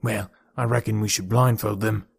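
A man voicing a gruff, menacing forest bully. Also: on the low side, steady tone, normal speed, no room sound, heavily acted. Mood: suspicious. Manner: hostile, sneering, bullying. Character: menacing gruff adult male forest dweller. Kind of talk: audiobook character voice.

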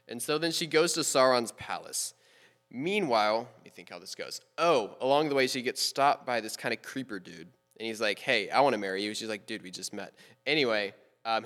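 A man's voice: medium pitch, sharp tone, long reverb tail. A young man on a podcast, casually retelling a story in a rambling, playful way with quoted asides. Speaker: podcast co-host.

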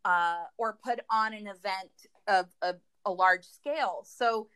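A woman's voice: mid-range voice, unhurried, fairly bright tone, clear, resonant tone. A woman wedding planner chatting on a podcast, emphatic and conversational as she gives advice. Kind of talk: casual podcast chat.

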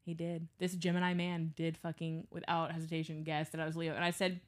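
A woman's voice: deep voice, a little fast. A young adult woman co-hosting a podcast, telling stories in casual chat with lots of swearing and voices for the people in them. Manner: animated storyteller, swears freely, does voices of people in her stories. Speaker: podcast co-host.

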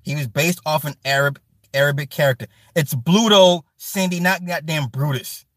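A man hosting a livestream, chatting casually and reading comments, loose and profane, with loud animated outbursts. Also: fairly high pitch, moderate pace, no room sound, studio quality. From Chicago. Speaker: livestream host reading chat. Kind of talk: casual chat.

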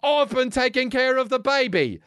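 Dude doing a bossy tv chef, high voice, dry sound. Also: male voice, expressive, normal speed, a bit bright, smooth, no room sound. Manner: bossy, barking commands. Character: bossy celebrity chef barking orders.

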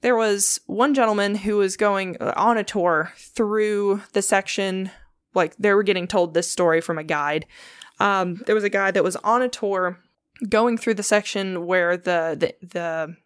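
Woman podcast host, casual storytelling, animated, dry close mic. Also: medium pitch, measured pace, clean tone, no room sound. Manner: animated retelling, swearing, acts out quotes.

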